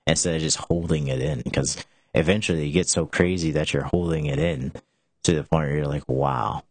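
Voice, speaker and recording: A man's voice: a bass voice, steady tone, brisk, a little mellow, no room sound. A young man hosting a casual talk show, rambling with many restarts and filler words. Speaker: show host.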